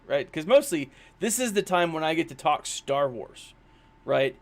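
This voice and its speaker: A man's voice: on the high side, big pitch swings, measured pace. A man casually commenting on a mobile game during a live stream, rambling and self-deprecating, with lots of fillers. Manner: chatty, rambling, with many fillers.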